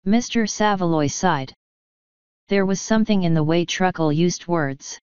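A woman reading a comic fantasy audiobook in a steady, wry storytelling manner. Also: lowish voice, a little slow, smooth, no echo, highs cut off. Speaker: audiobook reader. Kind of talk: audiobook narration.

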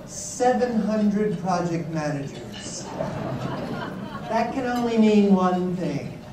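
A man's voice: sits high, sing-song, slow. A man performing a stand-up comedy routine, teasing the audience. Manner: teasing, mock-accusing the audience. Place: large conference hall. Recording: echoey hall, distant mic, noisy.

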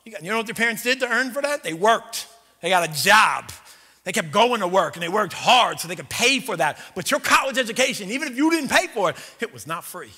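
A man preaching a sermon in a church, telling the story in a lively, conversational way with jokes. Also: high voice, fairly quick, husky. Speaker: pastor. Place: church sanctuary. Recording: reverberant church hall.

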